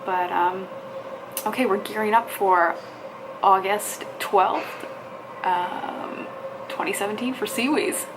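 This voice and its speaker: There are long pauses in this woman's slow, mid-range speech, recorded with a noisy background. She's a fitness vlogger casually talking to herself and viewers, frustrated and cursing as she works through an online registration.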